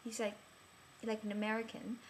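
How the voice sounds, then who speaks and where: A woman's voice: fairly high pitch, monotone, normal speed, a little hiss or hum, natural voice. A woman, playing a flustered amnesiac in a scripted character vlog, who rambles with many restarts. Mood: rambling, bewildered. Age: 30s. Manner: rambling, breathless, many restarts and filler words. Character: flustered woman in her thirties with amnesia, chatty and bewildered.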